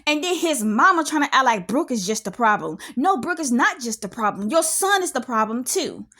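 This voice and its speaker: An outspoken woman in her thirties with a fairly high voice. She talks animatedly in a casual reaction vlog and gets loud at times. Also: moderate pace. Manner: animated and outspoken, with frequent laughs and exclamations. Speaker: reality TV reviewer.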